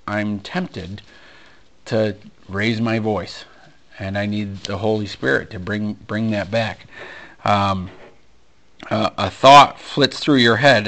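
A male pastor preaching a sermon, animated and storytelling, acting out conversations with frequent ums and restarts. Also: lowish voice. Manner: animated storyteller, acts out dialogue, many fillers. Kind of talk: sermon with personal stories.

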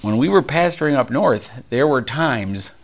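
A male pastor preaching a sermon, animated and storytelling, acting out conversations with frequent ums and restarts. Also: mid-range voice, normal speed. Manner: animated storyteller, acts out dialogue, many fillers. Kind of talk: sermon with personal stories.

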